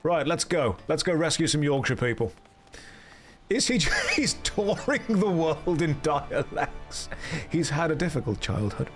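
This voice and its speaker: A male game streamer talks casually over his play with a dry, deadpan wit. His voice sits a little high for a man. Quiet game music runs faintly behind him. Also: unhurried.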